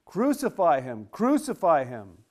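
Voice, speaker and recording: Angry shouting crowd, read by a man. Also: on the high side, wildly swooping pitch, measured pace, voice pushed up, heavily acted. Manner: loud, insistent reading.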